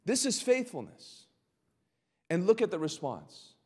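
A male pastor teaching a Bible study sermon, impassioned and building to loud, emphatic cries. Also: sits high, huge pitch swings, measured pace, slightly rough. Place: church sanctuary. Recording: long hall reverb.

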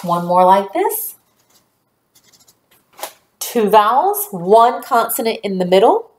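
Woman teacher, slow and clear, roomy sound. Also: medium pitch, sing-song, a little mellow. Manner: slow, clear, encouraging teacher talk to young children. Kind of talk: recorded phonics lesson.

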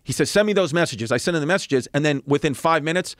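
Animated comedian telling a story, dry mic. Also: male voice, fairly high pitch, fast talker, dry recording. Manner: animated, profane, acts out other people's quotes. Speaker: podcast guest comedian. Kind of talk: casual storytelling. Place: podcast studio.

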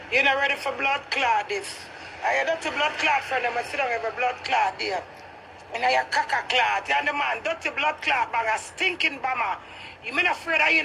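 A woman's voice: high-pitched, vocal fry, pushed and bright, a little hiss or hum, poor audio. A Jamaican woman ranting heatedly to camera, cursing freely in patois. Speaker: vlogger. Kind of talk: ranting street vlog.

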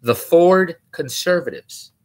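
A vlogger with a voice on the high side takes it slowly but stays animated. He mocks a news article in a rambling, digressive riff, sounding incredulous and frequently correcting himself.

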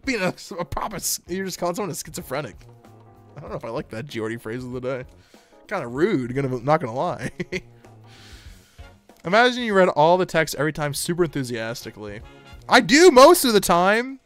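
A man's voice: a little high, brisk, long pauses, faint music behind. A man streaming live and chatting casually with his viewers, joking and laughing as he plays. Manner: joking, talks to chat, lively bursts of laughter.

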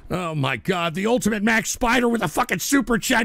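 A man hosting a live radio show, ranting and suddenly breaking into shouting and swearing. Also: sits high, fairly quick, vocal fry, few pauses, dry recording. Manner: excitable, bursts into shouting and swearing. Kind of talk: live call-in radio rant.

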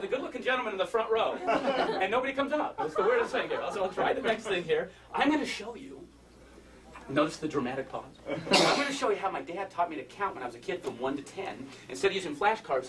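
High-voiced man doing comic magic patter. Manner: joking, chatty, self-mocking asides to the audience. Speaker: stage magician. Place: stage before a live audience. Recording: distant mic, loud crowd and noise. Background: loud audience noise.

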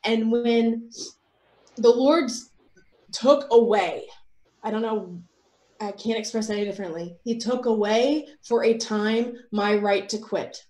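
An American woman with young children, giving an earnest, emotional faith testimony that moves between soft reflection and excited outbursts. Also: on the high side, takes it slowly, roomy sound. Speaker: author and speaker.

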